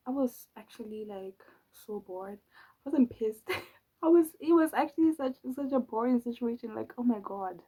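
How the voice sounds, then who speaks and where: A woman's voice: fairly high pitch, expressive, a little slow, mellow, slightly rough, low-quality recording. A young woman telling a story in a casual, drawling way, mocking and exasperated, her voice often trailing into whispers. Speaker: channel host.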